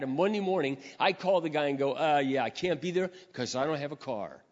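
An older man preacher telling a personal story in a sermon, acting out his prayers and phone calls with lively emotion. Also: fairly quick, few pauses. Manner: animated storyteller, acting out his own prayers with rising pitch. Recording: dull reverberant hall sound.

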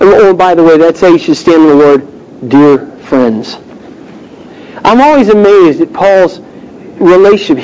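High-voiced man teaching a Bible class. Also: darkish tone, rough recording. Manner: joking, conversational asides between verse readings; earnest, emphatic about the text.

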